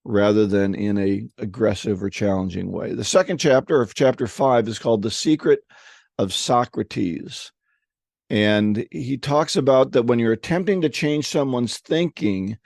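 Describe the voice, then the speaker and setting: A man's voice: medium pitch, darkish tone, dry recording, clean studio sound. A man co-hosting a casual talk on selling, telling anecdotes with restarts and acted-out voices. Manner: storytelling, acts out voices in anecdotes; frequent restarts and repeated words. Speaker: podcast co-host.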